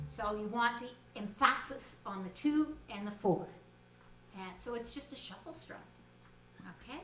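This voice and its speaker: A woman's voice: fairly high pitch, normal speed, a bit bright, faint music behind. Older woman teaching a ukulele strum. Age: 60s. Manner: chatty, laughs easily. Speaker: host and song leader. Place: home kitchen. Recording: roomy kitchen, distant mic.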